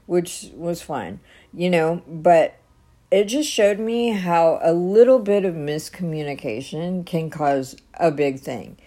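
Woman vlogging, low voice, slow and halting, lots of um and restarts. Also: mellow. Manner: rambling, halting, many restarts and fillers. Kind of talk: casual storytelling.

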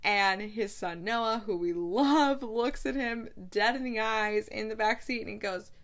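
A woman's voice: on the high side, a little slow, fairly bright tone. A young woman hosting a casual movie recap, retelling scenes in a chatty, gushing way and laughing often. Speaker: movie review host.

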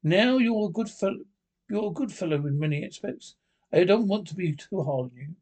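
A man's voice: high-pitched, animated, moderate pace, darkish tone. A man voicing a stern, solemn old male badger who talks in a grave, commanding way.

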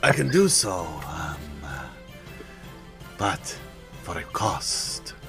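A man's voice: deep voice, very animated, drawn-out words, gravelly, fairly bright tone, faint music behind, voice pushed down, exaggerated voice. A man voicing a smug male wizard shopkeeper in a hammy fake French accent.

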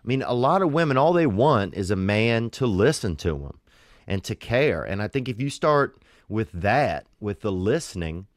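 A man calmly telling stories and giving advice in a matter-of-fact way. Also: on the low side, normal speed, no echo, clean studio sound. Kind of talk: casual storytelling and advice.

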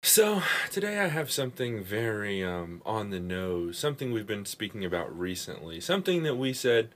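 Casting: young male co-host, animated storyteller, lively swinging pitch, laughs a lot. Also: normal speed. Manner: animated, laughs often, swears casually. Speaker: podcast co-host. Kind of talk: casual storytelling chat.

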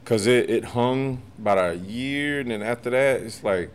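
Telling stories as a podcast guest, a martial arts master of forty or older speaks in a mid-range voice at normal speed with a clean tone. His manner is animated and profane, and he laughs a lot in the casual chat.

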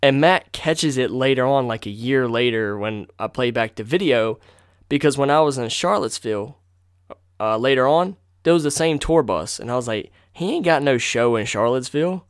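Young adult male podcast host, mid-range voice, excitable rambler who swears freely, recorded dry and close at home. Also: mid-range voice, normal speed, clean tone, no room sound. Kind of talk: casual storytelling podcast. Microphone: desk microphone on a box.

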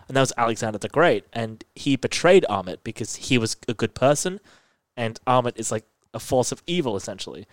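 A man chatting casually as a podcast co-host, recapping a TV episode with loose, rambling energy and constant fillers. His voice sits at an ordinary middle pitch. The recording is close and dry, with no room echo. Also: moderate pace. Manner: rambling, filler-heavy, animated retelling.

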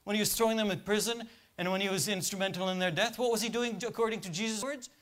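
A man's voice: high-pitched, fairly even intonation, fast talker, fairly bright tone. A man preaching a sermon in a church, asking the congregation questions and waiting for their answers. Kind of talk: interactive sermon.

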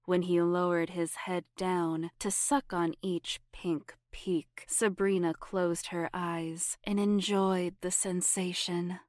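A woman narrating an erotic story in a soft, half-whispered, sensual voice on a close mic. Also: fairly low pitch, flat delivery, slow pace, hardly any pauses, dry recording.

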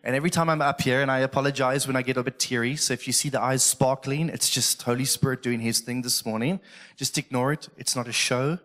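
A middle-aged man delivers a sermon in a church. He talks casually and from the heart, and gets emotional about the scripture. His voice sits at an ordinary male pitch. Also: steady tone, fast, fairly bright tone. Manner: earnest, emotional, conversational preaching. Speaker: pastor. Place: church stage.

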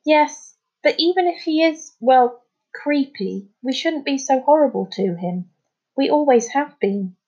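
A woman's voice: high voice, lively intonation, unhurried, a little mellow, pitched above the performer's own voice. A woman reading aloud as a firm, stern girl who leads her friends. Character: stern bossy girl leading the group. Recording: slightly muffled recording.

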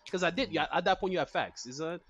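A young man co-hosting a podcast, talking in a casual, profane, animated way and laughing often. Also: a little high, quick pace, husky, dry recording, highs cut off. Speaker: podcast co-host. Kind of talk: casual chat.

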